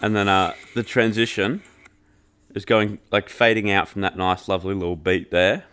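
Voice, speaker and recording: Deep-voiced man chatting loosely. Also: little pitch movement, normal speed, a bit bright, clear, resonant tone. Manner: loose and joking, heavy filler "like", swears freely. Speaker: podcast host reviewing an album. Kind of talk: casual chat.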